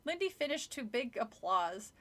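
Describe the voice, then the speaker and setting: Bright high-voiced woman reading aloud. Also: sing-song, normal speed. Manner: laughs often, crude joking asides. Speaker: streamer reading a book aloud. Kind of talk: casual read-aloud with commentary.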